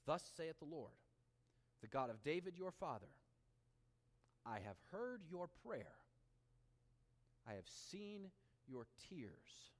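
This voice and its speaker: A male pastor with a high, lively voice preaches a sermon, shifting from emphatic scripture reading to hushed, intimate asides. He speaks slowly with frequent pauses, and the room has a long reverb.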